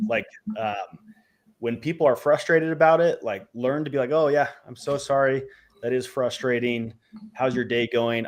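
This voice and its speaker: A man co-hosts a business podcast at an ordinary pitch for a man. He talks in an energetic, direct, practical way, answering viewer questions. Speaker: co-host and realtor. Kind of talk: casual business podcast chat.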